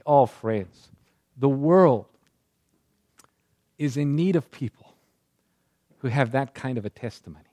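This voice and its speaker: A man's voice: mid-range voice, a little slow, long pauses, a little mellow, no room sound, studio quality. A man preaching a sermon, retelling scripture stories and acting out the voices in the quotes.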